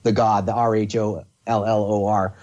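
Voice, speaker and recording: A man in casual podcast chat, talking at length in a rambling, animated way with many restarts. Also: fairly low pitch, normal speed, muffled recording.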